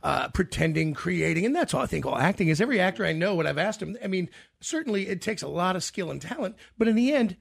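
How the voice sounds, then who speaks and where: A male radio host with a gravelly, husky voice, pitched a little high for a man. He talks haltingly and repeats words as he goes, recorded close and dry. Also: big pitch swings, no echo. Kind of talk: casual radio interview chat.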